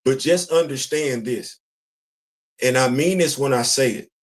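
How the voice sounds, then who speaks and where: A man's voice: mid-range voice, measured pace. A man hosting a casual commentary show, talking bluntly and emphatically, repeating his points. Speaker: podcast host.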